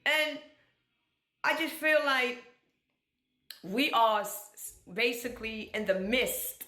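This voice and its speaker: A woman's voice: mid-range voice, lively intonation, moderate pace, bright, forceful tone. A woman ranting bluntly and profanely in a monologue, exasperated and blunt. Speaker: vlogger. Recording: echoey room.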